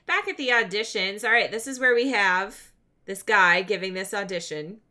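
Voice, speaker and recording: A woman's voice: medium pitch, moderate pace, pushed and bright. A woman co-hosting a casual podcast, recapping a TV episode in a chatty way and laughing often. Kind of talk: casual chat.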